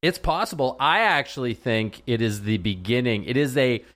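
A man's voice: mid-range voice, expressive, moderate pace, a bit bright. Rambling joking male veterinarian. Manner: rambling, repeats words, jokey. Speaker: veterinarian guest. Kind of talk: casual radio chat.

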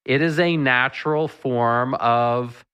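A veterinarian chats as a radio guest, his voice bright and forward. He speaks earnestly but hesitantly, restarting and repeating words as he works through ideas. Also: medium pitch, slow pace, clean tone. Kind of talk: casual radio chat.

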